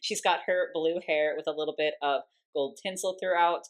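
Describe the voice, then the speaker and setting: A young woman with a low, deep-set voice gushes her way through a casual doll review at home. She talks in a chatty, excitable way, full of "like"s, and often breaks off to coo softly at her cat. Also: moderate pace. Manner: gushing, chatty, many "like"s.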